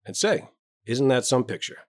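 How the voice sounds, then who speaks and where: A man reading a story aloud, voicing a towering, self-important male doctor with a booming, hearty manner. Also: very animated, moderate pace, no echo, studio quality, natural voice. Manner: hearty, booming, bluff joviality.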